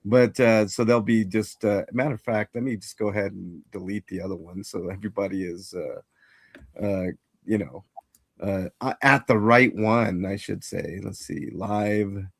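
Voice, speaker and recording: A man's voice: fairly low pitch, fairly even intonation, moderate pace, gravelly, no room sound, studio quality. A man hosting a casual livestream, rambling and greeting chat viewers by name. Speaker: livestream host.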